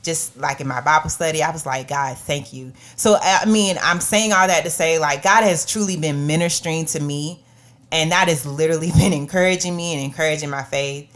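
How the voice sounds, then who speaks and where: A woman's voice: sits low, a little fast, fairly bright tone. A woman co-hosting a faith podcast, reading scripture and earnestly encouraging listeners. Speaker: podcast co-host.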